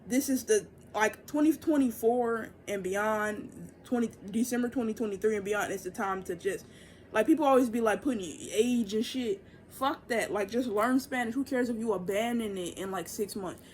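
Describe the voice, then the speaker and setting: A young woman giving a casual, profane oracle reading, loose and chatty, jumping into excited high bursts. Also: normal speed, a little hiss or hum. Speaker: tarot and oracle reader.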